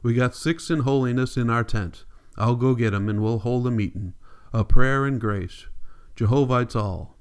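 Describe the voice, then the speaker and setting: A man's voice: mid-range voice, normal speed, darkish tone, smooth, lightly acted. A man reading the part of a zealous, pushy holiness woman in an audiobook, fervent and preachy.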